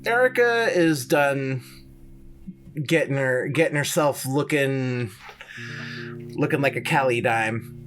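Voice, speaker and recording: A man narrating a tabletop game as game master, in slow, measured speech. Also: mid-range voice, expressive, a bit bright, soft background music.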